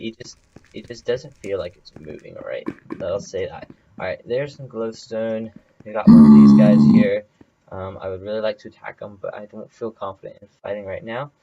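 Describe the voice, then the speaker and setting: A man's voice: low voice, heavy background noise. A young man casually commenting on his own gameplay, thinking aloud and rambling with lots of fillers. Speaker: gameplay video host.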